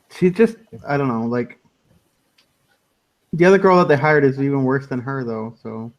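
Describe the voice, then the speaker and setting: A man's voice: medium pitch, muffled recording. A man hosting a casual online radio chat, loose and laughing, often trailing off into mumbles. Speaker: podcast host.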